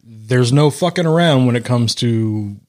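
Animated man laughing on a casual podcast. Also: medium pitch, measured pace. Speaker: podcast co-host and editor. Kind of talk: casual chat. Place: cigar shop, indoors.

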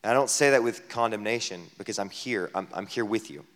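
A man preaching a sermon as a pastor at a camp gathering, talking conversationally with many rhetorical questions, dropping to a hush and then rising loud. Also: lowish voice, fairly quick. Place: camp meeting hall. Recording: long hall reverb.

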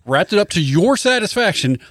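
A man's voice: high voice, very animated, a bit bright, no room sound, studio quality. A man co-hosting a podcast in casual chat, laying out his argument point by point. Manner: quick, reasoning through points step by step. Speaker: podcast co-host.

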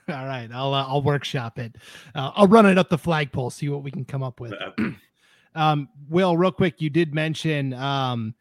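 A man's voice: a little high, moderate pace, no room sound. Man hosting, dry close sound. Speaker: podcast host. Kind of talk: casual sports podcast chat.

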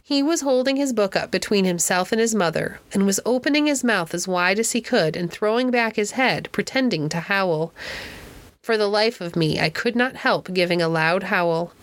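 Steady woman narrating an audiobook. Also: mid-range voice, moderate pace, dry recording. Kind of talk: audiobook narration of a classic novel.

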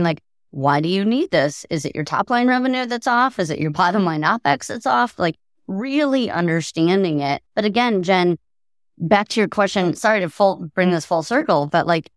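A woman's voice: on the low side, dry recording, clean studio sound. A woman speaking as a sales panelist, explaining her point earnestly with frequent "like" fillers. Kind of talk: roundtable discussion.

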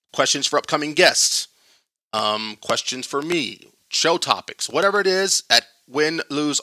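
Bright-voiced podcast host, rambling. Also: male voice, mid-range voice, dry recording. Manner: rambling, loose and self-deprecating with many fillers. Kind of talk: casual solo podcast trailer.

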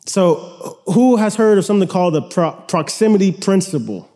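High-voiced young man preaching casually. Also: animated, normal speed, dark tone. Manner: casual, conversational preaching with many restarts. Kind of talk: sermon.

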